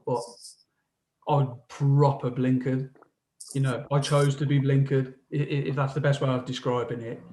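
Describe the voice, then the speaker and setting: A man's voice: mid-range voice, flat delivery, dark tone, slight background noise, low-quality recording. A man in casual podcast chat, stumbling and restarting as he talks about himself. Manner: halting, stammering restarts. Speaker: podcast co-host.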